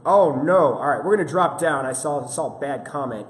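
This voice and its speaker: A man's voice: fairly high pitch, animated, normal speed. Chatty man hosting a live fitness stream. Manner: chatty, apologetic, upbeat with viewers. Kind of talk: casual live-stream chat. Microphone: camera-mounted mic. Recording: roomy echo with faint ambient noise.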